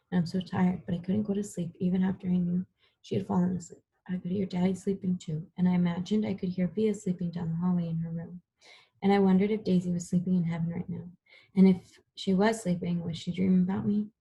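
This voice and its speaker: A woman narrating a first-person audiobook in a soft, even, unhurried way. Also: fairly low pitch, vocal fry, breathy edge, poor audio.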